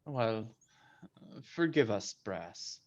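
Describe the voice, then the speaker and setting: A man playing a formal, courteous spellcaster who talks slowly and deliberately in a lowish voice. His stiff, polite phrasing comes through a dull, lo-fi mic. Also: lively intonation. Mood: formal apology. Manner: stiff, formal, apologetic speech.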